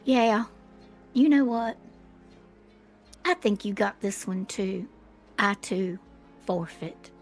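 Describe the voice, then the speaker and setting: Woman playing a strong brawler lady, earnest, raised voice, slow, faint music behind. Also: mid-range voice. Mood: resigned.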